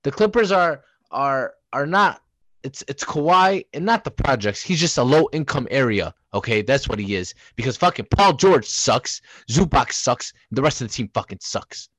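A man's voice: medium pitch, lively intonation, moderate pace, fairly bright tone, no room sound. A young man co-hosting a podcast, ranting heatedly and profanely in a sports debate. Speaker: podcast co-host.

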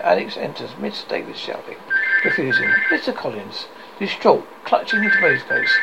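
A man's voice: a little high, big pitch swings, normal speed, gravelly, very noisy. A man reading a screenplay aloud, reading the stage directions plainly with slips and restarts. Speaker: script reader.

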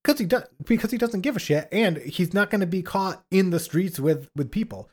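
A man's voice: high voice, lively intonation, fairly quick. A man co-hosting a casual political podcast. He sounds indignant, fills his talk with "like" and acts out the people he quotes. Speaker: podcast co-host.

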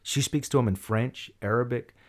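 Animated man telling a story. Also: normal speed. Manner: animated, acts out quoted voices with big pitch jumps. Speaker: storyteller in a chat. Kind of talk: casual storytelling chat.

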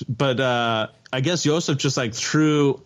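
A man's voice: medium pitch, slow, highs cut off. A man co-hosting a comedy podcast in casual chat, rambling with frequent restarts. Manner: rambling, many restarts and fillers. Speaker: podcast co-host.

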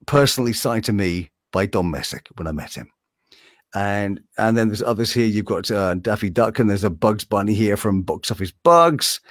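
A man's voice: mid-range voice, dry recording, clean studio sound. A man who works as a voice actor, talking casually in an interview in a room hung with animation art. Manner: animated, slips between impressions.

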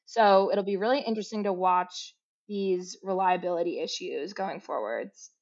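A young woman co-hosting a casual sports podcast, chatty and quick to laugh. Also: fairly low pitch, darkish tone. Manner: chatty, laughs often, fillers. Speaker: podcast co-host. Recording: slightly dull lo-fi audio.

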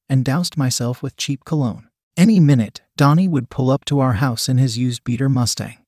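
A man's voice: medium pitch, a little mellow, no echo. Young man reading a story, dry sound. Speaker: narrator. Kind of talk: first-person story reading.

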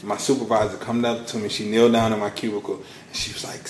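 A man in his thirties, a podcast guest telling his story in a casual, animated way. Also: fast talker, roomy sound, a little hiss or hum. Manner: animated storyteller, acts out quotes with big pitch swings. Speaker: podcast guest, launch strategist.

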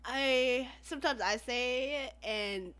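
Wanita bicara blak-blakan dan tegas. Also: female voice, high-pitched, slow, fairly bright tone. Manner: blunt, emphatic, swears freely. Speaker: podcast co-host. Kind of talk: casual chat.

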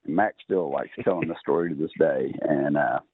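A man's voice: rumbling low, a little fast, breathy edge, no echo. A man with a Texan accent telling a long poker story as a podcast guest, rambling with many uhs and ums. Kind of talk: casual storytelling. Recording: dry, tinny phone-line sound.

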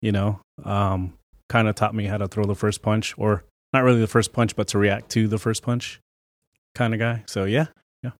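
A male podcast guest with a fairly low voice, speaking easily in short, relaxed answers. He sits close to a studio mic in a dry room. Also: moderate pace, no room sound. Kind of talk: casual chat.

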